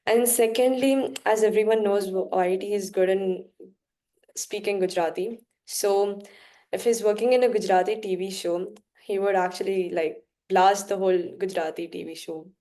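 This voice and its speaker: A woman's voice: medium pitch, steady tone, moderate pace, mellow. A young woman works through a practice speaking-test answer. She hesitates often and fills the gaps with fillers. She giggles now and then between ideas. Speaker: student.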